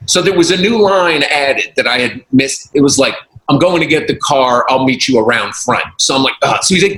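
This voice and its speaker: A man's voice: mid-range voice, moderate pace. A man, a comedian, telling a story in casual chat and acting out the voices of the people in it. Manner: animated, acts out quoted voices, laughs often. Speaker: comedian guest. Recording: roomy echo, faint noise.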